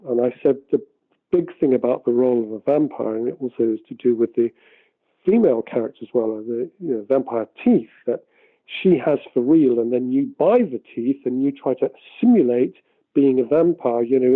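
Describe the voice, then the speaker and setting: A man in an archival interview, recounting a production decision in a rambling, self-correcting, animated way. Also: medium pitch. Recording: tinny phone-like archive audio.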